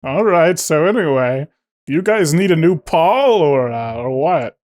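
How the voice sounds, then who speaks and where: A man's voice: a little high, animated, measured pace, a little mellow. A man running a tabletop game as game master, narrating and playing characters in an offhand, dry way.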